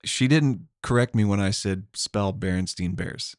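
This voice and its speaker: Laid-back deep-voiced Oklahoma man. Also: a little slow, dry recording, clean studio sound. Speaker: podcast host. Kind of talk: casual chat.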